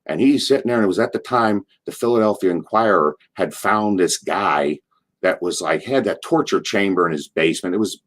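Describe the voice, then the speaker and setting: A man's voice: sits low, fairly quick, fairly bright tone. A man from Allentown, Pennsylvania, a wrestler, telling rambling backstage stories in an interview, swearing casually and restarting his sentences. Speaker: retired pro wrestler, interview guest. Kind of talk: rambling anecdotal storytelling.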